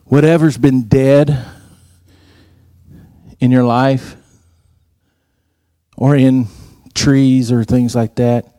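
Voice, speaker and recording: A man's voice: steady tone, extremely slow, pauses often, warm tone, dry recording, clean studio sound. A man giving a sermon, telling stories and acting out the dialogue. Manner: storytelling, acts out quoted dialogue in a higher voice. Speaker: preacher.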